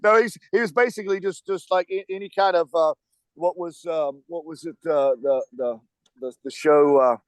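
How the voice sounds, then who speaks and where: A man's voice: a little high, normal speed, smooth, dry recording. A man with a Southern US accent, a touring musician chatting in an interview, rambling and laughing often. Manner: animated, rambling storyteller who laughs often. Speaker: touring band musician, guest. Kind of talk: casual interview chat.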